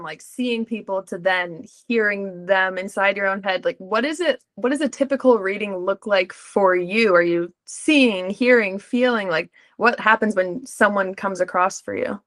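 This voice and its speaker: Host woman, medium pitch, chatty and informal, lots of filler "like". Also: moderate pace, few pauses, a bit bright. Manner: chatty, peppered with "like". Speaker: podcast host. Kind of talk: casual interview chat.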